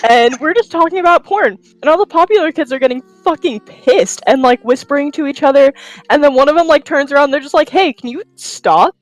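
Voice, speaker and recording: A woman's voice: high voice, fast talker, poor audio. A woman in casual chat with friends, telling heated stories bluntly with heavy swearing. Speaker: podcast co-host.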